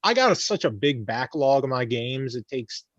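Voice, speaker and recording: A man's voice: mid-range voice, very animated, moderate pace, no echo. Easygoing man on a dull-sounding mic. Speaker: podcast guest. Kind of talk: casual podcast chat.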